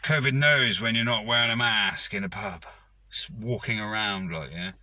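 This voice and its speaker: A man's voice: on the low side, moderate pace, pushed and bright, no room sound. A man ranting to camera, rambling and swearing with lots of fillers. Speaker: vlogger.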